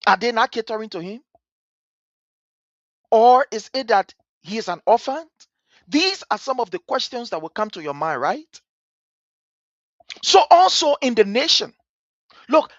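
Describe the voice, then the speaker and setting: A woman's voice: on the high side, dry recording, lo-fi sound. A woman hosting a political talk show, speaking in an emphatic, repetitive, sermon-like way. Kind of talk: political commentary monologue.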